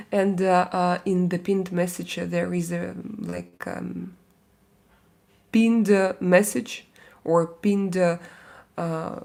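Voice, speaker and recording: Slow, gravelly-voiced woman livestreaming. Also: medium pitch, a little mellow. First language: not English. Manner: reads out and answers chat questions, halting with fillers. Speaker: livestream host. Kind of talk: casual livestream chat with viewers.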